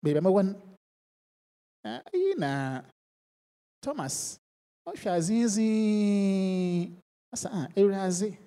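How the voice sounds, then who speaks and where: A woman preacher delivers a sermon that moves between English and a local language. Her voice is warm and relaxed, and the sound carries the long echo of a big hall. She drops to near-whispers and then rises to loud, ringing lines. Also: medium pitch, slow pace, long pauses.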